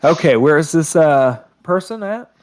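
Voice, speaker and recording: A man's voice: a little high, animated, moderate pace. A man playing in an online tabletop game, chatting casually and eagerly. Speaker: player. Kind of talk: casual chat.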